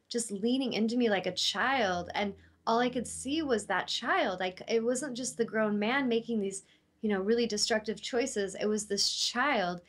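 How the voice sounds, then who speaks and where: A woman who works as an intuitive healer, talking earnestly and from the heart about love and forgiveness, with casual fillers. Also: medium pitch. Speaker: intuitive healer and show host. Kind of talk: spiritual teaching talk.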